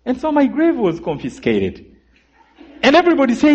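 A man giving a sermon testimony, telling his story dramatically and calling for amens, his voice dropping low and rising again. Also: wildly swooping pitch, normal speed, husky. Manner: dramatic storyteller, calls for amens, swings between loud and hushed. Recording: muffled lo-fi recording.

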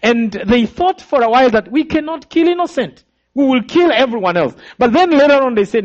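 Man, Rwandan accent, earnest testimony, very animated pitch, dull lo-fi recording. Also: brisk. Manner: earnest, vivid storytelling, addresses listeners directly. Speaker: survivor giving testimony. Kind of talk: personal testimony talk.

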